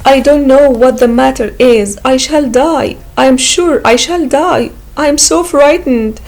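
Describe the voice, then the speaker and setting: A woman's voice: mid-range voice, normal speed, a little mellow, lightly acted, rough recording. A woman voicing a nervous, tearful young widowed mother in a storybook reading. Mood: frightened.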